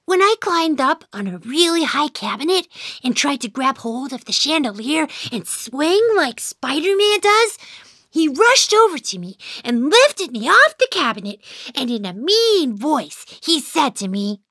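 A sulky little boy mouse tells his storybook tale in a high, bright, sing-song voice. He speaks slowly and clearly, close and dry, grumbling and sighing between giddy bursts. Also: big pitch swings, no echo, heavily acted. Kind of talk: first-person storybook narration.

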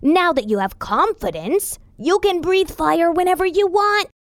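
A woman's voice: extremely high pitch, lively intonation, a little slow, dry recording, clean studio sound, full character voice. A woman voicing a proud, cocky little male fire elf who gives confident advice in a children's storybook. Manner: confident, a bit boastful.

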